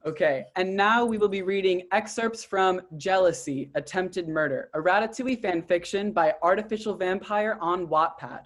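A woman co-host speaking in a dry, deadpan way while introducing segments. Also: lowish voice, moderate pace, hardly any pauses. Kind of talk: casual podcast chat.

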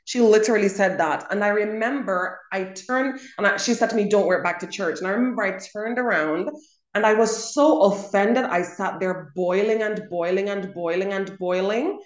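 A woman's voice: medium pitch, normal speed. A young adult woman co-hosting a casual chat, telling a personal story with emphatic repetition. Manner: emphatic storytelling, repeats words for stress. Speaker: co-host. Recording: roomy echo.

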